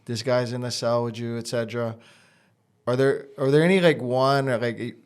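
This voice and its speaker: A male podcast host with a mid-range voice, talking casually with his guest. He asks loose, conversational questions. He keeps the exchange going with quick "yeah"s. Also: mid-range voice, fairly even intonation, smooth. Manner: frequent short affirmations, conversational questions. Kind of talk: casual interview.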